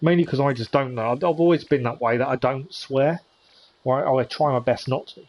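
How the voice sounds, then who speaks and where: A man's voice: medium pitch, a little fast, a little mellow. A man streaming a game live, chatting casually with viewers in a hesitant way with many ums. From United Kingdom. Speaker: gaming streamer.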